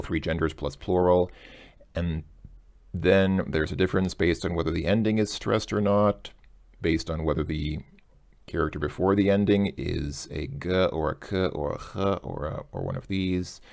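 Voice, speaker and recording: A man's voice: low voice, vocal fry. A man tutoring a language lesson, thinking aloud as he works through exercises, hesitant and self-correcting.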